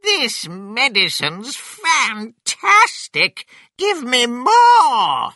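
A storyteller voicing a cranky old grandmother in a storybook read-aloud, with very high, loud, drawn-out cries. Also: huge pitch swings, dry recording, clean studio sound, exaggerated voice. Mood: shrieking. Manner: loud and stretched out.

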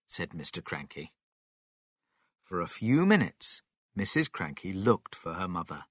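Slow, expressive male storyteller. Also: sits low, slightly rough, dry recording, studio quality. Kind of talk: children's story reading.

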